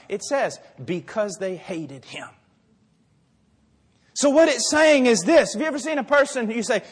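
A man preaching a sermon with great fervor, dropping to quiet asides and rising to shouts. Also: high voice, expressive, moderate pace, husky. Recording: long hall reverb.

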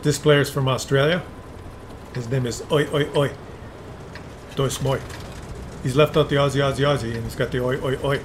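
A man commentating tank game replays, excitable and cheering players on, with loud game sounds underneath. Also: mid-range voice, normal speed, long pauses, a little hiss or hum. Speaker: gameplay commentator. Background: tank engines and gunfire from the game.

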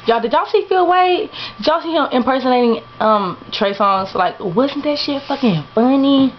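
A woman's voice: high voice, animated, normal speed, hardly any pauses, highs cut off, slight background noise. A young woman rambling in a late-night home vlog, tired, slangy and swearing freely, playing up a put-on accent. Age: young adult. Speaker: vlogger.

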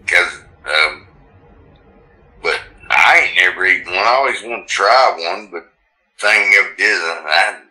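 A man's voice: sits low, a little slow, sharp tone, low-quality recording. A man, chatting on a podcast in a folksy, rural drawl. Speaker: podcast co-host. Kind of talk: casual chat.

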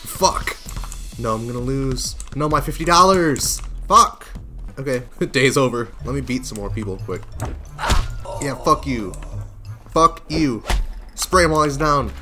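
A man giving casual gameplay commentary, swearing constantly, laughing a lot and breaking into sudden yelled outbursts. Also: mid-range voice, a little slow, pauses often. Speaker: gaming video creator. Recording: game music playing under voice.

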